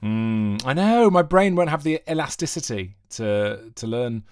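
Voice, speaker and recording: A man's voice: mid-range voice, lively intonation, unhurried, darkish tone, dry recording. A middle-aged man from South Wales with a posh, faintly Welsh border accent, chatting as an interview guest in a jokey, rambling, self-mocking way. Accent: posh English-leaning, faint Welsh border. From South Wales, near the English border. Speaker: actor and comedian guest. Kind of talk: casual interview chat.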